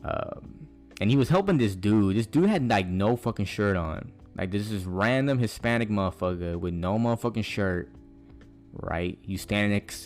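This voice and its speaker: A man's voice: sits low, a little mellow. A young man talks loosely into the mic, hosting his own podcast. He rambles, swears freely and drops slang every few words. A faint guitar plays underneath. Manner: rambling, profane, slangy, full of "bruh". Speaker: podcast host. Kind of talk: casual monologue storytelling.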